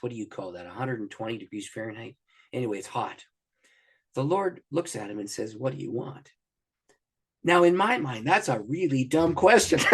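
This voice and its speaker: A man's voice: mid-range voice, husky. A middle-aged man, a pastor, animatedly telling a story as a guest on an interview podcast, acting out the dialogue. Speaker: guest, pastor and prayer minister.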